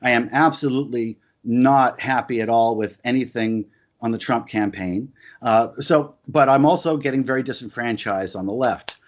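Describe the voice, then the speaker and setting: A man's voice: medium pitch, moderate pace. A man in a heated conversational discussion, talking emphatically and repeating his points with stammered restarts.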